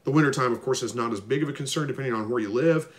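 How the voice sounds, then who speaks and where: A man hosting a live stream, reading viewer comments and answering them in a relaxed, rambling way with lots of ums. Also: mid-range voice, racing. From Missouri. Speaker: livestream host answering viewer questions. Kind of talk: casual live chat, reading comments aloud.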